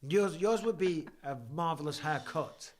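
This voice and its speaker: A man's voice: fairly high pitch, measured pace. A man hosting a live stream, chatting bluntly and jokingly while watching fights, with plenty of swearing. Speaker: host.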